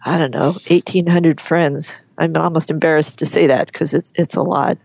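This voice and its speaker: A woman guest on an interview show, talking frankly and chattily, often pausing and restarting her sentences. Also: deep voice, fairly even intonation, creaky, darkish tone, no echo. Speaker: guest, horse photographer. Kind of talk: casual interview chat.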